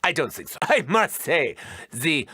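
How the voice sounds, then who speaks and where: Cruel mad scientist, game voice lines, high and swooping, husky sharp tone, gleeful mockery. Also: male voice, very animated, measured pace, no room sound, clean studio sound, exaggerated voice. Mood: gleeful menace. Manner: gleeful, theatrical, mocking. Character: unhinged cruel male mad scientist doctor.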